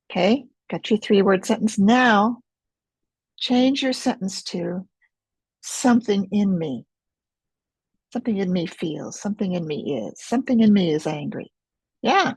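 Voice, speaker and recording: A woman, leading a self-help webinar in a slow, gentle, reflective way over a video call. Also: on the low side, vocal fry, breathy edge, no room sound, rough recording. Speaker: webinar teacher.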